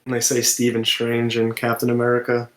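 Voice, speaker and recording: A man chatting loosely on a movie podcast, voice sitting at a mid pitch and echoing around the room. He wanders through his points and leans on filler words as he goes. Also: completely flat delivery, a little fast, fairly bright tone. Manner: rambling, heavy on filler words. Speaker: podcast co-host. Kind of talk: casual film review chat.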